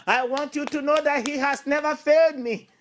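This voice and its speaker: A middle-aged woman bishop preaching an emphatic sermon of encouragement, repeating declarations and building at times to shouts. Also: high voice, fairly even intonation, normal speed, a little hiss or hum. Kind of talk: exhortation sermon.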